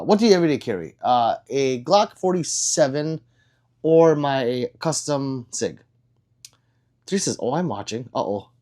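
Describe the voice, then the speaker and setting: A man hosting a casual livestream and answering viewer comments in a blunt, profane and excitable way, with sudden loud outbursts. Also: on the high side. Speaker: livestream host.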